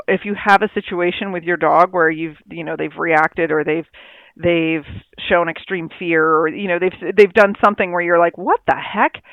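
A woman's voice: fairly low pitch, dry recording, highs cut off. Rambling woman with a dry close sound. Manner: rambling, acts out dogs' thoughts in quoted voices. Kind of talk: casual chat.

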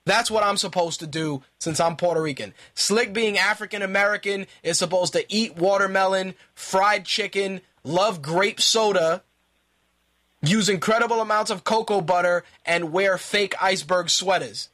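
A man with a high voice delivers ranting commentary as a radio host. His talk is profane and exasperated, and he fires off the same question again and again when he gets worked up. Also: normal speed, bright, forceful tone. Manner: repeats himself in angry bursts.

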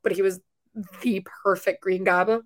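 A young woman co-hosting a casual chat, animated and laughing often as she tells stories. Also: mid-range voice, normal speed. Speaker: podcast co-host.

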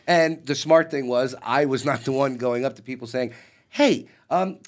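A man's voice: mid-range voice, moderate pace. A man in his forties co-hosting a podcast, telling stories in casual chat and acting out what people said. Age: 40s. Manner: storytelling, acts out quotes in raised voices. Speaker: podcast co-host.

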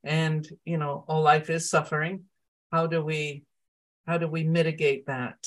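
A woman's voice: low-pitched, little pitch movement, measured pace. A woman coach being interviewed as a guest, speaking reflectively and often saying "you know". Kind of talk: conversational interview.

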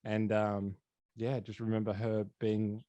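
A man's voice: lowish voice, little pitch movement, measured pace, dark tone, no echo, highs cut off. A man hosting a podcast, chatting casually with lots of fillers. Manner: rambling, many fillers and restarts. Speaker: podcast host. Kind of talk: casual interview chat.

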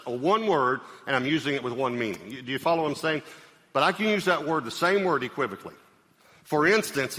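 A man's voice: medium pitch, pushed and bright. A middle-aged male pastor with a Southern US accent, preaching a sermon in a conversational way, repeating phrases and checking in with his listeners. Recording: live sermon in a reverberant hall.

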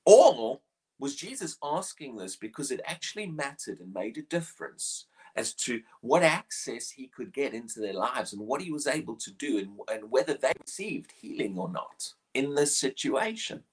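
A man's voice: mid-range voice, very animated, moderate pace, breathy edge. A man preaching a short morning devotional, earnest and questioning, often repeating words as he presses a point.

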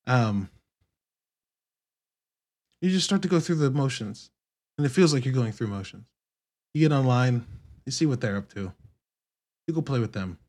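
A man's voice: medium pitch, expressive, normal speed, pauses often, a little mellow. A man hosting a solo podcast, talking casually and rambling, swearing often and correcting himself mid-sentence. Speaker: podcast host.

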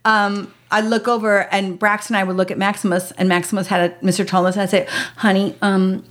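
A woman's voice: mid-range voice, brisk. A middle-aged woman, a talk show guest, telling a story casually and acting out the voices with lots of laughter. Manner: animated, laughing storyteller who acts out voices.

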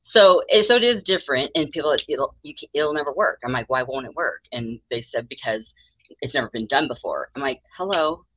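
Speaking briskly in a very deep, slightly bright voice, a middle-aged therapist shares her story as an interview guest, performing the voices of those she quotes. The lo-fi recording sounds dull and dry, with a faint hiss or hum.

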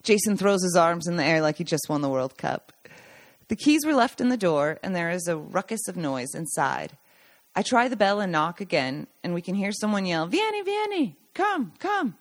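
A woman reading her own memoir aloud as a podcast host, telling the story warmly with small slips and restarts. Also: fairly low pitch, lively intonation, moderate pace, no echo. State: choked up at times.

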